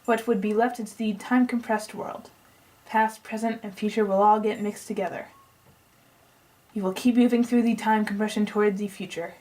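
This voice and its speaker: A woman reads at a moderate pace in a medium-pitched, darkish voice with fairly even intonation, close to everyday speech, on low-quality audio. The game dialogue she reads aloud is a pompous, eccentric male scientist's long, lecturing plan, and her half-tried put-on accent keeps falling away.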